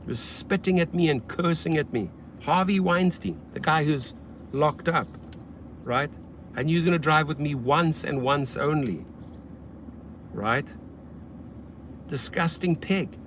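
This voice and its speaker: A man hosting a casual livestream as a rideshare driver, blunt and often profane, swinging between loud hype and low muttering. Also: slight background noise.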